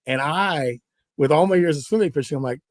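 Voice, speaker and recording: A man's voice: fairly high pitch, a little fast, no echo, studio quality. A middle-aged man from Southern California, a guest angler telling fishing stories in a casual interview and acting out the dialogue. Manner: animated, acts out dialogue in stories.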